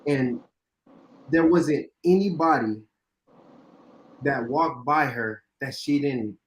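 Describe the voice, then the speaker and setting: Emphatic podcast co-host, faint noise. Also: male voice, medium pitch, slow pace. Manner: emphatic, repeats phrases for stress. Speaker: podcast co-host, former teammate. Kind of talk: casual chat.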